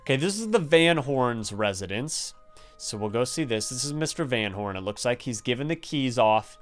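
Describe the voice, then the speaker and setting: A young man doing chatty, excitable gameplay commentary and reading the story aloud, dropping to a hush when things get creepy. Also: mid-range voice, moderate pace, soft background music. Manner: excitable, chatty, drops to hushed tones when spooked. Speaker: gaming YouTuber.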